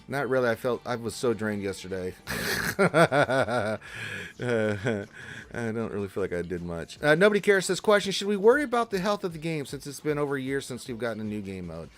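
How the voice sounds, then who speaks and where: A man hosting a casual gaming livestream, greeting viewers by name and answering chat questions in a jokey, animated way. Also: medium pitch, fairly quick. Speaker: livestream host reading chat.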